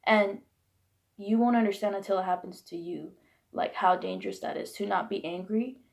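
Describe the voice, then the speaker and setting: A woman's voice: mid-range voice, fairly even intonation, moderate pace, creaky. A young woman in her twenties venting bluntly and heatedly about her upbringing, swearing freely in a candid vlog. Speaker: vlogger. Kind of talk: candid personal rant.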